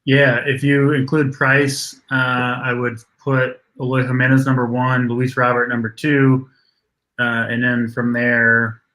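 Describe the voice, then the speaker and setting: A man giving sports betting picks on a live show, measured and thinking aloud, hedging his calls. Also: mid-range voice, little pitch movement, bright, forceful tone, low-quality recording. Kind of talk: casual analytical chat.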